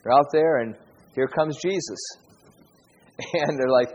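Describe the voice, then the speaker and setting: A man preaches with a husky, slightly breathy voice of middling pitch. He repeats key lines and poses rhetorical questions with earnest conviction. The recording is dull and lo-fi, with a long echo from a large church hall. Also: a little slow, darkish tone. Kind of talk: sermon.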